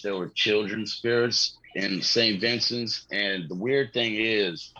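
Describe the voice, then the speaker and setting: A man's voice: fairly low pitch, bright, forceful tone, no echo, lo-fi sound. A man, a comedian guest on a podcast, telling rambling, slangy stories with plenty of swearing and laughter. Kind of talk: casual podcast storytelling.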